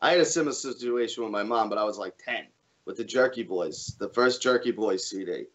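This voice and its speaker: A man's voice: lowish voice, fairly quick, muffled recording. A man chatting as a guest on a live comedy podcast, telling stories full of swearing and acting out the people he quotes. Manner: storytelling with profanity, acts out quoted voices. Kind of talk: casual podcast chat.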